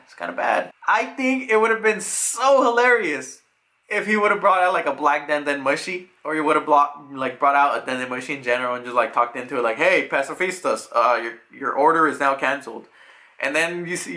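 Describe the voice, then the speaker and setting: A man's voice: on the high side, a little fast. A man casually retelling a manga chapter as a reviewer, acting out the scenes as he goes. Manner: animated retelling that acts out scenes. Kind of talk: casual chat.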